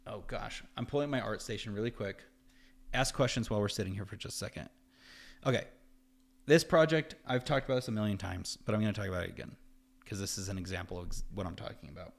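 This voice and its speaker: A man hosting a live stream, talking casually in an animated, rambling way, his voice jumping up whenever he quotes someone. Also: fairly low pitch, fast talker, gravelly. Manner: animated and rambling, voice jumps up when quoting others. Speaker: host of a live effects-art stream. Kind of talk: casual livestream talk.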